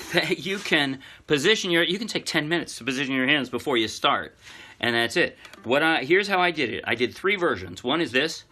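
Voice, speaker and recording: A man giving a casual ukulele tutorial, explaining chords and strums step by step in a relaxed, chatty way. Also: mid-range voice. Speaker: ukulele teacher. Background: loud ukulele playing.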